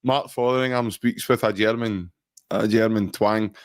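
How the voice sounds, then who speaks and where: Chatty Scottish podcast host, dry sound. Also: male voice, fairly low pitch, fairly even intonation, moderate pace, clean tone, dry recording. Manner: chatty, laughs often, restarts sentences. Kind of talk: casual podcast chat.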